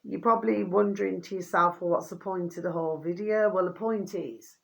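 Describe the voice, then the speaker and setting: A woman, chatting casually to her viewers in a rambling, affectionate way, her voice getting hoarse. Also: fairly low pitch, brisk. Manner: affectionate, rambling, keeps asking "do you see what I mean". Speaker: vlogger.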